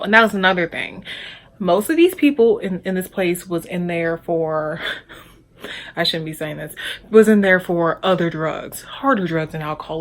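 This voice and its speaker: A young woman telling a storytime vlog, candid and profane, talking straight to her viewers. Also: lowish voice. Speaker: vlogger.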